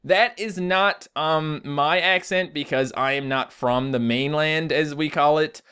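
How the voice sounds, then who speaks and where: A man's voice: fairly high pitch, steady tone, measured pace, bright, forceful tone, clear, resonant tone. A young man from Newfoundland, a gaming YouTuber, chatting casually and earnestly as he answers viewer comments. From Newfoundland, Canada. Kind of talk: casual comment-reading vlog.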